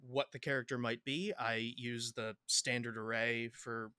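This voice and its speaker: A bright, forward-sounding man talks as a podcast guest. He rambles, restarts and repeats words, laughing often. The sound is dry and close. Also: medium pitch, little pitch movement, measured pace, clear, resonant tone, no echo. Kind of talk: casual interview chat.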